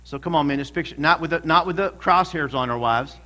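A man's voice: fairly high pitch, fast talker, pushed and bright. A male pastor preaching a sermon in a church, emphatic and calling out to the congregation for responses.

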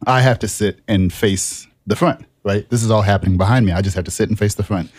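A man with a fairly low voice co-hosts a podcast and spins a long personal story in casual chat. He tells it with lively self-mockery and often laughs at his own clumsiness. The sound is close and dry, with almost no room around it. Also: fast talker, no echo. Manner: animated, self-mocking storyteller who laughs at himself. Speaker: podcast co-host.

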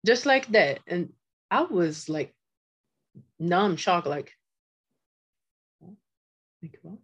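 Halting, emotional woman telling a story. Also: on the low side, lively intonation, slightly rough. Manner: halting, repeats words, acts out quoted voices. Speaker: podcast guest. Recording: dull lo-fi audio.

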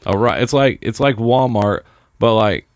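A man's voice: on the low side, normal speed, dry recording, clean studio sound. A man co-hosting a podcast, chatting casually in a rambling way and trailing off mid-sentence. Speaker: podcast co-host. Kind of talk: casual chat.

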